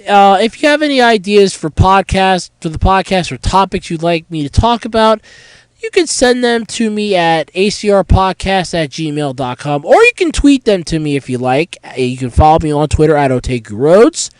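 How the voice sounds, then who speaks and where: A man hosting a solo podcast, nasal and congested from a head cold, with a sore throat, chatting in a rambling way full of fillers and pauses. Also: high-pitched, animated, clean tone, no room sound, poor audio. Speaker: podcast host. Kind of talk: casual solo podcast talk.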